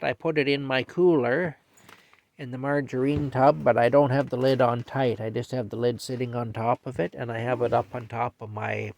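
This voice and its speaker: An older man chatting casually in a bedtime vlog from his camper, rambling and repeating himself and talking softly to his cat. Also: mid-range voice, creaky. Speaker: vlogger. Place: small camper in a field, at night.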